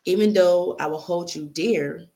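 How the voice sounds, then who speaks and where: Reading aloud a letter she wrote, this young woman speaks a little slowly in a lowish, creaky voice with a dark tone. It's an earnest, emotional spoken-word piece, and at times she seems on the verge of tears.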